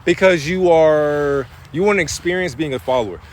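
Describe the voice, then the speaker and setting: A man riffing through a live-streamed spiritual talk in loose street slang, cursing as he goes. His voice sits a little high for a man, and he swings from offhand chatter to fired-up preaching. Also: moderate pace, slight background noise. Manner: animated preaching bursts.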